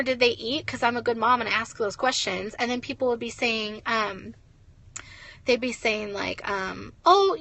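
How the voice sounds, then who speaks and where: A woman's voice: sits high, sharp tone, no echo. A young woman giving a blunt, ranting motivational talk as a network marketing leader, swearing and saying "like" a lot.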